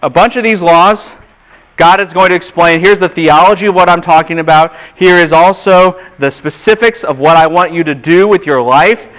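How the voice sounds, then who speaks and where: Animated man lecturing a class. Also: high-pitched, moderate pace, low-quality recording. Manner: animated, asks the class questions and acts out voices. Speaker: seminary lecturer.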